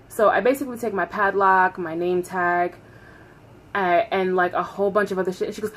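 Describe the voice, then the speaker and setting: A woman in her thirties telling a story on her vlog, animated and profane, often laughing. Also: mid-range voice, moderate pace. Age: 30s. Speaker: vlogger.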